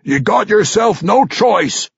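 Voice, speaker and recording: A seasoned dwarf commander, older and compassionate, snapping out urgent orders in a raised, husky voice, as a male narrator puts him on. The sound is close and dry, slightly muffled. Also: mid-range voice, slow, a little mellow, no room sound, exaggerated voice.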